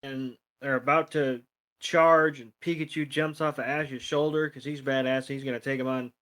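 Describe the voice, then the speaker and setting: A male podcast co-host telling a cartoon episode in loose, rambling fashion, dropping crude jokes along the way. His voice sits at an ordinary middle pitch. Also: steady tone, normal speed, a bit bright. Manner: jokey, crude, rambling with fillers. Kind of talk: casual episode recap chat.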